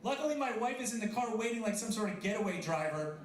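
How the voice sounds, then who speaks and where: High-voiced man doing stand-up in a roomy venue. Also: lively intonation, quick pace. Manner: self-deprecating, chatty with the crowd. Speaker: stand-up comedian. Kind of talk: stand-up comedy set. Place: coffee house stage before a live audience. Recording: roomy live venue sound.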